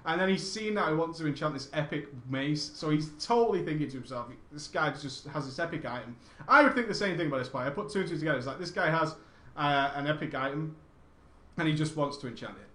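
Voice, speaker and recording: A man with a fairly high voice spins a rambling, chatty story, doubling back to correct himself and dropping casual swears. The sound rings out in a noticeably echoey room. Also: fast talker, a bit bright. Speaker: storyteller recounting gaming memories.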